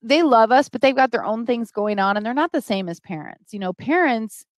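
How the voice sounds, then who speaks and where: A woman's voice: on the high side, expressive, fairly quick, dry recording, muffled recording. A middle-aged woman hosting a motivational live stream, talking to her viewers and getting teary as she speaks. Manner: emotional, reads chat names aloud, gets teary.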